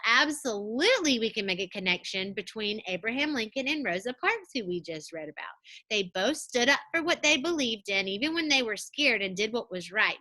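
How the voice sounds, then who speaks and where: A woman teaching a second grade reading lesson on video, patient and encouraging, speaking clearly for young children. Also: mid-range voice, bright, forceful tone.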